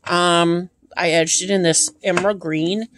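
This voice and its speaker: A woman's voice: lowish voice, measured pace. A woman casually showing tarot decks on camera, gushing with enthusiasm between frequent ums. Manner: gushing, enthusiastic, lots of ums and repeated praise. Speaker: tarot deck collector. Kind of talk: casual show-and-tell vlog. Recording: steady background hiss with handling clicks.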